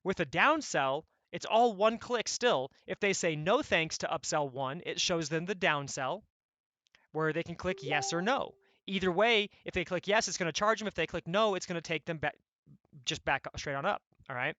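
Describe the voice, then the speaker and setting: Guy coaching online sellers, high bright voice, blunt and punchy, dry close sound. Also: normal speed, no room sound. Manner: energetic, blunt, conversational with frequent "right?". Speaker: e-commerce coach. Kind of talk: coaching session to members.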